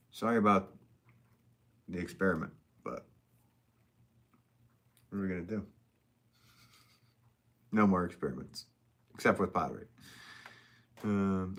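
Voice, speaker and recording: A man's voice: low voice, measured pace, long pauses. A man, a potter, chatting casually on a livestream and greeting viewers by name in a rambling, easygoing way.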